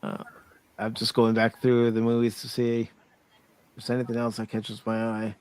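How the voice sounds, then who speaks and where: A man hosting a casual pop culture stream, reading out viewer votes in an easygoing, relaxed way. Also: mid-range voice, normal speed, clean tone. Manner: easygoing, relaxed, restarts often. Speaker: host of a pop culture livestream.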